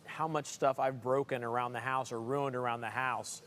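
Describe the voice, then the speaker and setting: A man's voice: mid-range voice, fairly even intonation, moderate pace, a bit bright, slight background noise. A middle-aged man co-hosting a live stream, telling jokey stories with frequent laughs. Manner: jokey storyteller, laughs often. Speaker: co-host of live stream show. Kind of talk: casual banter on a live stream. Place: showroom with staff working nearby.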